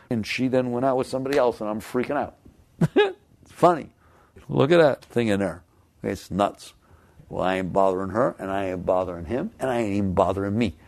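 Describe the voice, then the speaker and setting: An older man giving an animated spiritual talk, emphatic and acting out the voice of the mind. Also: fairly low pitch, fairly quick, creaky, no echo. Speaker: spiritual teacher.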